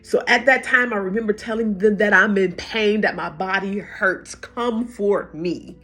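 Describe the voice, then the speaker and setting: Husky-voiced middle-aged woman, halting testimony. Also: medium pitch, steady tone, pushed and bright, soft background music. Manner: halting, repeats words, restarts sentences. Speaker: vlogger sharing a personal story. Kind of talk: emotional personal testimony.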